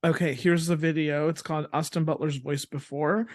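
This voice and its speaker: A woman's voice: low voice, fairly even intonation, moderate pace, darkish tone, no echo, clean studio sound. A woman co-hosting a podcast in casual chat, rambling, laughing often and restarting her sentences. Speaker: podcast co-host.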